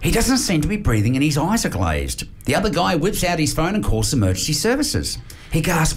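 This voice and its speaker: High, bouncy radio host. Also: male voice, huge pitch swings, fairly quick. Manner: chirpy, reads listener jokes aloud. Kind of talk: casual radio banter.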